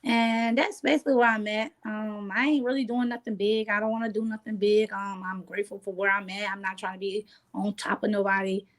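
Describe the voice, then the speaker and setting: A woman talking as an interview guest in casual chat, relaxed and streetwise, often asking "you know what I'm saying". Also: mid-range voice, a little fast, hardly any pauses.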